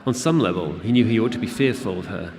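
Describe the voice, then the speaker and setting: A man reading his fantasy novel aloud to an audience at a convention, in a steady, measured narration. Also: fairly low pitch. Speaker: author reading his book. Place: convention event room. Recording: long hall reverb with audience.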